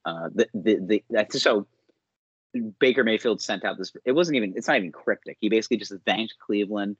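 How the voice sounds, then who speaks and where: A husky, low-pitched man chatting loosely as a podcast co-host, quick to laugh and to mimic others. The sound is dry and a little dull, like a lo-fi recording. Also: no echo. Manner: laughs often, does playful impressions. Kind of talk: casual podcast chat.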